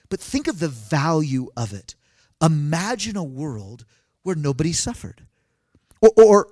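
Animated man preaching a sermon. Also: fairly high pitch, dry recording. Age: 30s. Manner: animated storytelling with laughs and acted quotes. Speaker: pastor. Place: live talk at a family camp.

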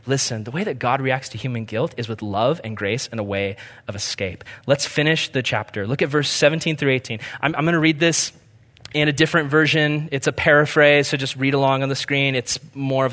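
Earnest male preacher in a reverberant hall. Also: mid-range voice. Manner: earnest, swings from emphatic to hushed. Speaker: pastor. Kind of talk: sermon. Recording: long reverb of a large hall.

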